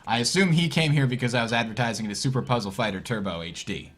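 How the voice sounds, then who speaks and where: A man casting a card game tournament, thinking out loud and reacting with puzzled surprise. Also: medium pitch, fast talker. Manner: thinks aloud, puzzled and animated. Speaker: tournament commentator. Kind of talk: casual game commentary.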